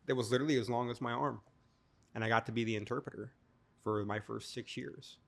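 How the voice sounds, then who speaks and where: A man in his thirties tells his story as a podcast guest, talking candidly with an easy, joking humor. His voice sits at an ordinary middle pitch. His delivery livens up when he acts out other people. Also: steady tone, quick pace, vocal fry.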